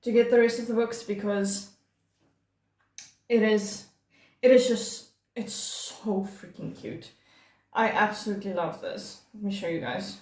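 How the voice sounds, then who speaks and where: A woman's voice: medium pitch, unhurried, long pauses, a little mellow. A woman talking casually to camera about her monthly reads, chatty and gushing, with lots of fillers and restarts. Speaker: book vlogger. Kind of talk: casual monthly reading wrap-up. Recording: echoey room.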